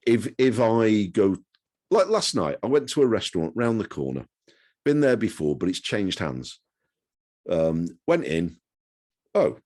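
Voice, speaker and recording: A man's voice: low voice, a little mellow. A man in his sixties, a guest telling chatty, self-deprecating stories in a casual interview. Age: 60s.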